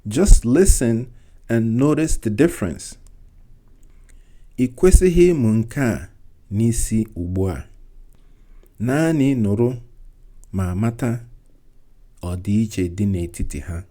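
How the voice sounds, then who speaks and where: Slow, mellow-voiced language teacher. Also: male voice, lowish voice, expressive. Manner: slow and deliberate, repeating each line in English and Igbo. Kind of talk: slow bilingual language lesson.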